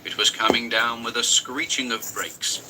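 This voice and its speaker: A man's voice: mid-range voice, level tone, normal speed, very noisy. A man reading a horror story aloud in an intense, dramatic narration. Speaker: story reader.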